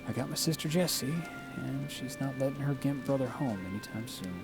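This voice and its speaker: A man's voice: mid-range voice, a little fast, gravelly, close to an everyday voice. An actor playing a weary, disabled male war veteran drifting far from home, speaking in a resigned, world-weary way. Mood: bitter. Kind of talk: video game voice acting. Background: game music.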